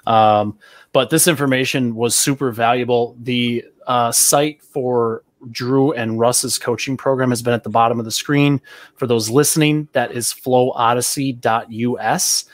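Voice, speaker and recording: A man hosts a podcast in a relaxed, chatty way, with a few fillers. His voice sits at a middle pitch and is recorded dry, with little room sound. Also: measured pace, dry recording. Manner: casual, filler-heavy, upbeat wrap-up. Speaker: podcast host. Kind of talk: podcast interview.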